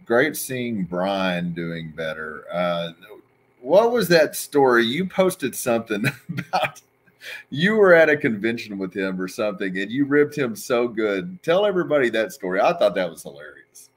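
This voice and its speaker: A man's voice: lowish voice, animated, moderate pace. A man hosting a casual interview, chatty, laughing easily and prompting his guest for stories. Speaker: host.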